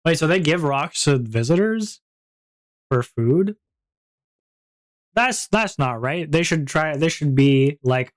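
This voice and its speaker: A man's voice: a little high, animated, slow pace, pauses often. A man streamer chatting casually with his viewers, rambling, with many fillers and restarts. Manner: laughs at his own jokes.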